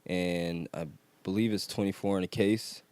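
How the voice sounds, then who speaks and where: Male co-host, very deep voice, dry close sound, rambling and laughing. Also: fairly even intonation, normal speed, darkish tone, clean tone, dry recording. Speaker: podcast co-host. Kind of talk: casual chat.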